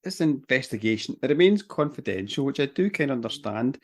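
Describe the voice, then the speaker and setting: A man co-hosting a podcast in a relaxed, wry, casual way. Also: medium pitch, brisk. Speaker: podcast co-host. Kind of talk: casual chat.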